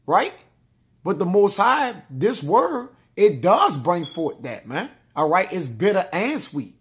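A man teaching a sermon from scripture, ending nearly every line with "man" and "all right?" and reading verses aloud slowly. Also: sits high, sing-song. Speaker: preacher.

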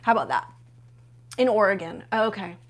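Animated and medium-pitched at a normal pace, a woman hosts an informal unboxing livestream from her home. She effuses over the items she opens and talks chattily to her viewers as she leafs through pages.

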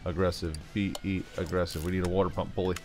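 Chatty, low-voiced Philly man gaming. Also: level tone, fast talker, darkish tone, soft background music. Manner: chatty, rambling asides, playful voices. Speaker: gaming YouTuber. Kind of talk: casual gameplay commentary.

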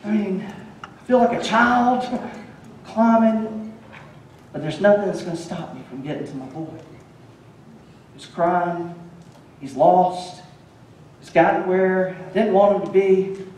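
A male pastor telling a story in a lively sermon. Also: sits high, measured pace, long pauses, a little hiss or hum. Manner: animated storytelling, acting out shouts. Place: church sanctuary. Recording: echoey church from far off.

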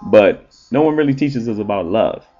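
A man's voice: on the low side, normal speed, dull audio. Blunt, profane male entertainer. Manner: blunt, profane and animated, with frequent fillers. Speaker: entertainer and relationship show host. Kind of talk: casual monologue.

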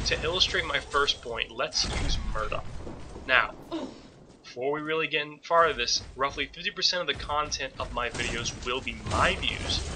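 A man hosting a gaming channel, talking through a casual game tutorial voice-over in a chatty way with joking asides and restarts, on a low-quality mic. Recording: noisy low-quality home recording.

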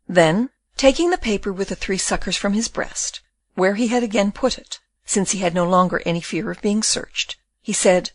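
Brief: female audiobook narrator, measured expressive delivery, close dry mic. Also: medium pitch, dry recording. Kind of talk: scripted narration of a novel.

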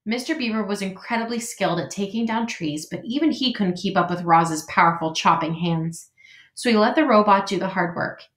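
A woman teacher reading a storybook aloud to her class with clear, steady storytelling, in an echoey room. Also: medium pitch, a little fast.

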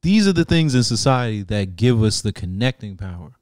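A man's voice: lowish voice, big pitch swings, fairly quick, a little mellow, dry recording, studio quality. A man co-hosting a podcast in casual chat, teasing and incredulous, with bursts of laughter. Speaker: podcast co-host.

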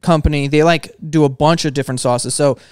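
Podcast guest: a loose, joking man who laughs a lot, with a smooth voice, recorded close and dry. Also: fairly high pitch, fairly even intonation, fairly quick, a little mellow, no echo. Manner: joking, laughs often, swears freely. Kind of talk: casual podcast banter.

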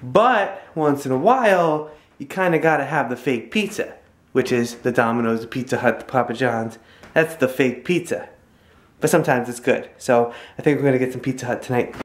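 A young woman from the New Jersey and New York area vlogs at home with a handheld camera in an echoey room. Her voice is extremely low in pitch and moves at a normal speed. She's chatty, cooing to a child in baby talk during this casual indoor home vlog.

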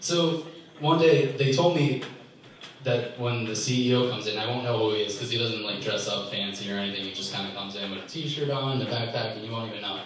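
A young man doing a stand-up comedy set in a club, ranting with exasperation and sudden jumps in pitch. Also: fairly quick. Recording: echoey club from far off. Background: audience laughter.

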